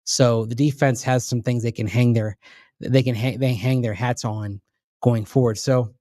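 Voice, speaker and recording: A man's voice: mid-range voice, steady tone, moderate pace, mellow, dry recording, clean studio sound. A man co-hosting a sports radio show, breaking down the team in an analytical, emphatic way. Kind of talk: casual sports talk.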